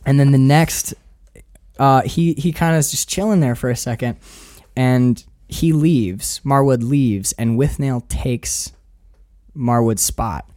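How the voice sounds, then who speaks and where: Podcast co-host, man, animated and loose, swears freely, drops into quick impressions of movie lines. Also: mid-range voice. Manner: animated, quoting film lines in put-on voices. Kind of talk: casual film discussion.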